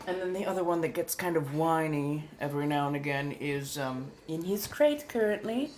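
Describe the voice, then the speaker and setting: A woman's voice: low-pitched, lively intonation, a little mellow, slight background noise. A woman voicing a centuries-old refined female vampire in a colonial American accent, chatting with viewers on a livestream and calling them darling. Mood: chatty. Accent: 1700s colonial American. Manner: genteel, unhurried, fond of endearments. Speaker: streamer. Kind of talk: in-character livestream chat.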